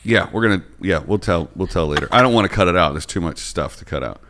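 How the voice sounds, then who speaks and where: Man teasing his guest with a lively voice. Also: deep voice, fast talker, background noise. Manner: teasing, jokey, playful banter. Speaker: podcast host. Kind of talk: casual comedic chat.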